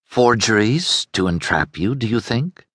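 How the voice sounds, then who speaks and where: A man's voice: on the low side, lively intonation, unhurried, a bit bright, breathy edge, dry recording, studio quality, heavily acted. A man voicing a determined young noblewoman in an audiobook, urgent and pleading. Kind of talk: audiobook character voice.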